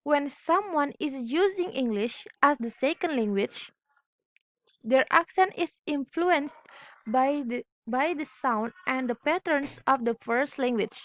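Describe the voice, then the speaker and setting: A woman's voice: sits high, expressive, measured pace, dry recording. A young woman whose first language is Indonesian, reading a class presentation carefully and correcting her own slips. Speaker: student presenter. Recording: dull lo-fi recording.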